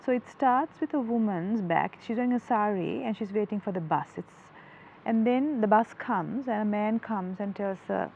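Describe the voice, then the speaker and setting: A woman's voice: mid-range voice, moderate pace, creaky, lo-fi sound, slight background noise. A woman, a psychology guest on a talk show, explaining earnestly through a story. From Sri Lanka. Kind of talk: studio talk show interview.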